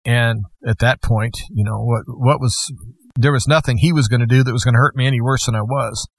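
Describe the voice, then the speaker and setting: A man's voice: mid-range voice, fairly even intonation, brisk, gravelly, dry recording. Plainspoken man telling his story, dry sound. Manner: plainspoken, conversational, folksy asides. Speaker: guest host. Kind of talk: personal testimony storytelling.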